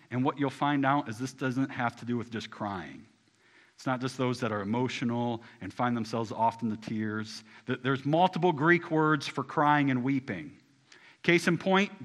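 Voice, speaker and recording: A male pastor preaching a sermon in a bright, forward voice. He keeps his phrasing casual and talks directly to the congregation. He drops to hushed lines and then climbs to loud, rising ones. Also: medium pitch.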